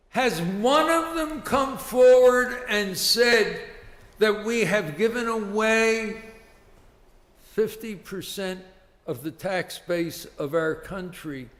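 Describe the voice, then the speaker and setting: Slow-talking man at a council podium, raised-pitch voice, long hall reverb. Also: a bit bright. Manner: rambling, piling up rhetorical questions. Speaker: public commenter at a city council meeting. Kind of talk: public comment speech. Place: large council chamber.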